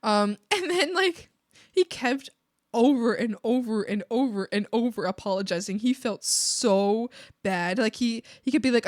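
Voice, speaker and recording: A woman with a fairly high voice chats casually on an art stream. She is bubbly and giggly and fills her stories with "like". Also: expressive, moderate pace. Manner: bubbly, giggly, full of "like" fillers. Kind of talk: casual chat while drawing.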